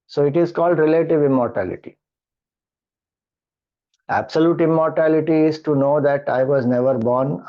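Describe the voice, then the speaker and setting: A middle-aged man with an Indian English accent, a spiritual teacher patiently explaining mantra chanting and chanting slowly. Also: mid-range voice, gravelly. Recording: dull lo-fi audio.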